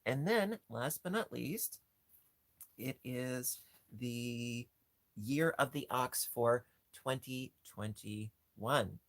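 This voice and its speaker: A man hosting a casual livestream chat, gushing and jumping into a squeaky high pitch over cute things, rambling with frequent restarts. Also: drawn-out words, fairly bright tone, dry recording. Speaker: livestream host.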